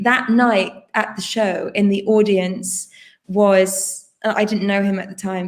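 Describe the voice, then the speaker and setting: Woman, interview guest, chatty storyteller, laptop video call, middle pitch. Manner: chatty, excitable storyteller who acts out others' lines. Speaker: guest performer. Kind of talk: casual interview chat.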